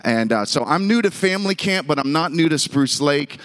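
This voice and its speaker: A man in his thirties from Pittsburgh speaks to a camp crowd, spinning a comic story about himself. His voice sits a little high for a man, and he keeps pulling the audience in with questions and asides. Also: moderate pace. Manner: animated, self-deprecating storytelling with audience call-and-response. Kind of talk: storytelling sermon.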